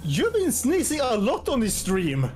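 A man's voice: very high voice, huge pitch swings, unhurried, a little mellow, slight background noise. A man chatting casually on a voice call while playing a co-op game, explaining tactics with dry sarcasm. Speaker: gamer.

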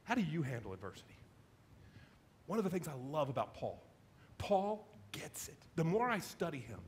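A middle-aged man preaching a sermon, telling a self-deprecating story in an animated, conversational way. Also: a little high, slight background noise. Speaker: pastor.

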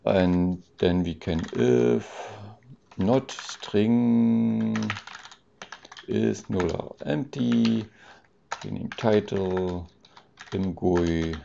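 A man with a deep, gravelly, mellow voice talks through code on a casual live stream, hesitating often and restarting his sentences. The audio is dull and lo-fi. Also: drawn-out words, pauses often, slight background noise. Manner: thinks aloud, hesitant, with many ums and restarts; reads out and answers chat questions with amusement.

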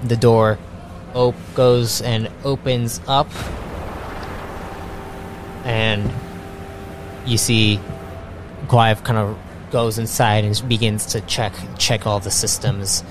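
A man narrating a tabletop game as game master, halting with many restarts. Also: on the low side, little pitch movement, music in the background.

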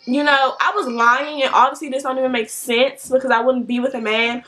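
Young woman, high bright voice, animated storytime vlogger. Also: brisk. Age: young adult. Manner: animated, swearing, mimics voices. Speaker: beauty vlogger.

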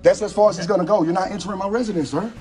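A man's voice: high voice, fairly even intonation, very fast, mellow, faint music behind. A man, standing at his front door and insistently refusing police entry, repeating "sir" again and again. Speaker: homeowner filming a live stream. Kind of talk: heated confrontation at the door.

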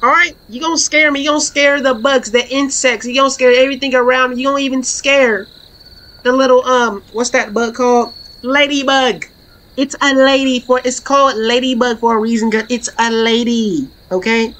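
A woman streaming a horror game, commenting in a playful, slangy, trash-talking way and breaking into excited shouts. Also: sits high, normal speed. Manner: excitable, bursts into laughing shouts. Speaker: gaming streamer. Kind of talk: let's play commentary.

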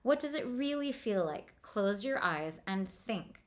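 A woman reading aloud the lines of a male god, the heroine's elder brother, in a gentle, coaxing tone. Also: mid-range voice, lively intonation, a little slow, natural voice. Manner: gentle, coaxing, read from a novel.

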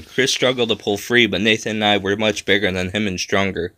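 Low, bright-voiced man reading horror. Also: fairly even intonation, moderate pace, dry recording. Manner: dramatic, suspenseful. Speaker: storybook reader. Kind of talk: scripted horror story narration.

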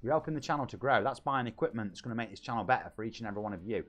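A man in his forties from England with a British accent, chatting on his live game stream with excitable shout-outs and banter. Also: lowish voice, racing. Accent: British English. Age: 40s. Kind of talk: lively live-stream chat. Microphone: home streaming microphone.

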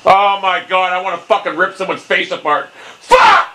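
A young man commentating his own golf video game, hot-tempered and swearing constantly, often bursting into angry shouts. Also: high voice, steady tone, brisk, a little hiss or hum, low-quality recording. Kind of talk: live gameplay commentary.

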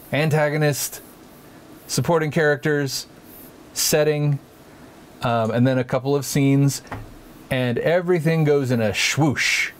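A man's voice: medium pitch, slight background noise. Rambling, playful male artist host. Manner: rambling, playful, restarts a lot. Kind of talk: casual chat about art.

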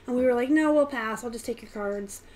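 A chatty woman hosts a live stream, her voice sitting a little high. She talks in an animated way and speeds up in quick bursts. A faint hiss of background noise stays under her voice. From Pittsburgh area, US. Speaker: live stream host, reseller. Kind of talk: casual live stream chat.

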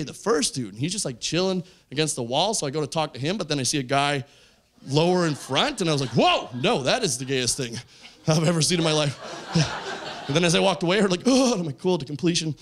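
Animated male stand-up comedian. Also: fairly high pitch, quick pace, slight background noise. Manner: animated storytelling, acts out characters. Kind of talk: stand-up set. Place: comedy club stage with audience.

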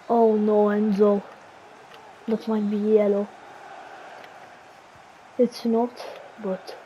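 Woman, gaming commentary, unhurried, self-critical asides, dull lo-fi sound, faint hiss. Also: mid-range voice, level tone. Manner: self-critical, muttering to herself between calls. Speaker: gaming channel host. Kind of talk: play-by-play commentary over a football video game.

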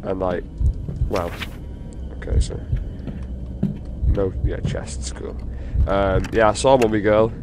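A man's voice: low-pitched, slow pace, long pauses, over loud music. A man giving casual, profane and rambling commentary while he plays a horror game for his channel. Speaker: gaming video host. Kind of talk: let's play commentary. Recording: steady background noise.

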